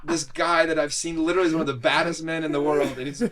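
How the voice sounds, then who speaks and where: A man's voice: fairly high pitch, fast talker, a crowd in the background. A middle-aged man, a podcast guest, telling personal stories in a casual interview and often laughing as he talks. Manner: animated, laughs through stories.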